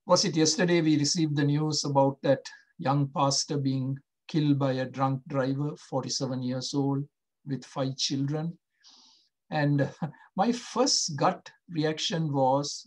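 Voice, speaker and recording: Slow, husky-voiced male preacher. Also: on the high side, steady tone. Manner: slow, emphatic preaching with rhetorical questions. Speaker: pastor. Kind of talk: sermon.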